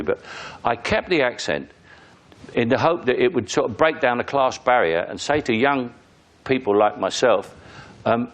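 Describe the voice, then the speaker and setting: A man's voice: mid-range voice, animated, normal speed. An older man with a London accent, a guest talking bluntly in an interview and laughing as he goes. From England. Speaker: actor guest. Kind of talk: casual interview.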